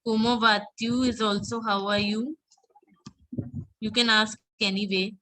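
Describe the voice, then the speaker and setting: A woman teaching an online French class, patiently repeating words slowly so students can drill them. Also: medium pitch, flat delivery, bright, forceful tone, poor audio.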